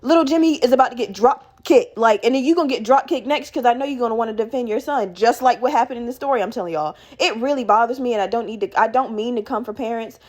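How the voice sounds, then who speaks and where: A young woman with a fairly high voice tells a story in a loose, chatty way. She swears freely and flares up as she acts out the people in it. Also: fast talker, hardly any pauses. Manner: animated, profane, acts out quoted people in raised voices. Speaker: podcast host. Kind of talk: casual storytelling.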